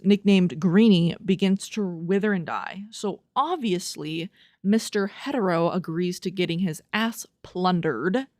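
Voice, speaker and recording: A woman's voice: medium pitch, darkish tone, no echo. A young woman hosts a casual solo podcast, reading quotes aloud and breaking off into profane, disbelieving commentary. Her voice sits in an ordinary middle register. The sound is close and dry, with no room around it. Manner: incredulous, profane, laughing at what she reads; reads review quotes aloud and riffs on them. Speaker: podcast host.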